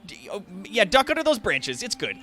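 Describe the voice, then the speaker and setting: A man's voice: sits high, wildly swooping pitch, normal speed, bright, forceful tone, a little hiss or hum, pitched above the performer's own voice, heavily acted. A man voicing an easygoing male orc handler who keeps chattering little warnings as he guides a huge beast through the trees. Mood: coaxing. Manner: fussy, chattering guidance.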